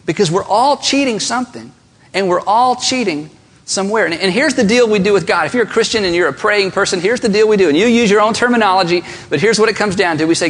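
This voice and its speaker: A man preaching a sermon, talking emphatically with slow, deliberate stresses and rhetorical questions. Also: high voice, fairly bright tone. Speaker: pastor. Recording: long reverb of a large hall.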